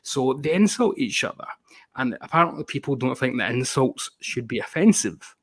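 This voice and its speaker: A man's voice: mid-range voice, very animated, normal speed, a bit bright, no room sound. A man in a casual panel chat, ranting about music with sarcasm and plenty of swearing. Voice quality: sarcastic, swears a lot, mocking. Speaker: panelist on a music talk stream.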